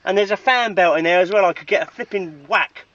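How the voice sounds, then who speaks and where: A man's voice: high-pitched, a little fast, fairly bright tone, no echo. A man fixing a car outdoors, stern and exasperated, yelping when he gets a shock. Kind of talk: home video banter. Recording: distant, dull home recording.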